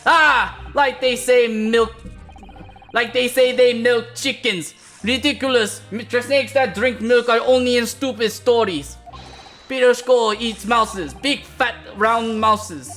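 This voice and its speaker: A streamer voicing a blunt, indignant Russian woman who speaks broken English in a loud, emphatic way. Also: medium pitch, takes it slowly, faint music behind, voice pushed up.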